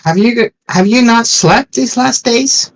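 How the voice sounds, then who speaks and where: A man putting on a high, drowsy youthful voice. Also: measured pace, distant mic, lo-fi sound, full character voice.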